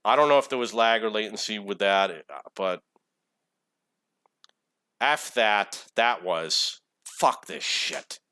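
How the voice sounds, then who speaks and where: A man's voice: lowish voice, takes it slowly, long pauses, pushed and bright, clear, resonant tone, dry recording. A man in his forties giving casual, rambling commentary over his own gameplay replay, swearing often when irritated. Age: 40s. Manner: rambling, profane, easily irritated.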